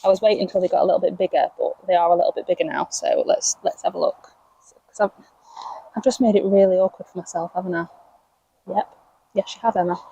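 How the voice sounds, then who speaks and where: Young woman from England, casual chatty vlog, warm mellow tone, slightly husky, outdoors on camera mic. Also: fairly low pitch, fairly even intonation, fast talker, no echo, low-quality recording. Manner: chatty, talks to her plants, laughs at herself. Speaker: allotment vlogger. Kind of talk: casual chat while gardening. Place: outdoors at an allotment plot.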